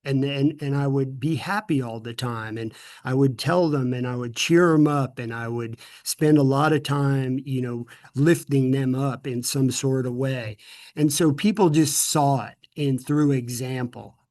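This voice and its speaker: A man's voice: mid-range voice, a little slow, a little mellow. A middle-aged man from the United States, answering interview questions earnestly, often repeating words and restarting sentences. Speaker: guest speaker.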